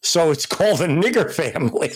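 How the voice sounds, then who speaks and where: A man's voice: on the high side, big pitch swings, fairly quick, husky. A man hosting a casual chat, telling rambling, profane stories. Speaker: host.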